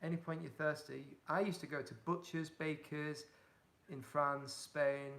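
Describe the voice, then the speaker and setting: Casting: young yorkshire guy, hull accent, a bit high-voiced with some fry, friendly livestream chatter. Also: fairly even intonation, a little slow, fairly bright tone. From England. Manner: chatty, reads out viewer comments, upbeat and encouraging. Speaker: touring cyclist answering live chat. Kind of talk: casual livestream chat.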